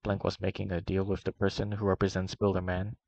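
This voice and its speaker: A man with a low, gravelly voice reads a long first-person document aloud, keeping his delivery flat and steady. The sound is dry and close, with a muffled, lo-fi edge. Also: a little fast, no echo. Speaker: reader.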